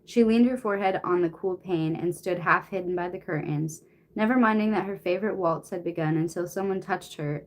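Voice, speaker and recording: Young woman, stream read-aloud, flustered, out of breath, casual swearing. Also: fairly low pitch. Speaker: reader. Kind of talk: reading a novel aloud on a stream.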